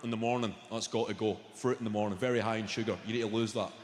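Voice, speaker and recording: A man voicing a big, gruff male gym trainer who lectures bluntly in a low, flat voice. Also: quick pace, lightly acted. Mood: lecturing. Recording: echoey hall with audience noise.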